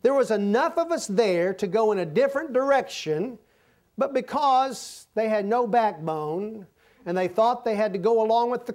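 A man's voice: high voice, a little mellow. A man preaching a sermon, telling folksy stories with asides and acting out quotes.

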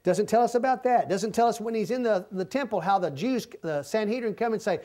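A man's voice: high voice, fairly quick, warm tone. A man preaching a sermon, telling folksy stories with asides and acting out quotes.

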